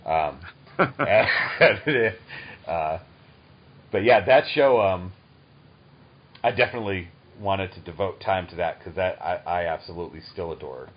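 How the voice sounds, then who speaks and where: A man's voice: deep voice, breathy edge. Chatty, enthusiastic man in his thirties. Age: 30s. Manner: enthusiastic and chatty, quick to laugh. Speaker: podcast host. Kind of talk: casual interview chat. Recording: dull lo-fi recording.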